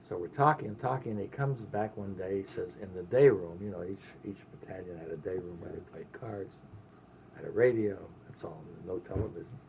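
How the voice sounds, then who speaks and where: Older gravelly man telling war stories. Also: low voice, fairly quick, slight background noise. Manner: animated storyteller, sprinkles Yiddish words. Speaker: interviewee recalling army service. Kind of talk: oral history storytelling.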